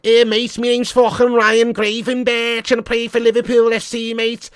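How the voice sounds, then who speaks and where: A man's voice: very high voice, monotone, normal speed, smooth, dry recording, studio quality, pitched above the performer's own voice. A man doing a mocking impression of a crude young male footballer with a Scouse accent, swearing as he goes.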